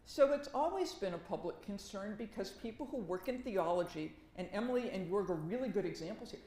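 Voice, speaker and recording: Wry, animated woman telling stories on a panel. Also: medium pitch, a little fast, roomy sound, rough recording. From Massachusetts. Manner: animated, wry storytelling with emphatic repetition. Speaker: professor and panelist. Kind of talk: conversational academic talk.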